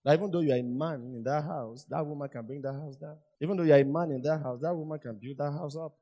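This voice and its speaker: A man's voice: a little high, darkish tone. A man preaching a sermon, repeating phrases for emphasis and asking the congregation rhetorical questions. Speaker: pastor.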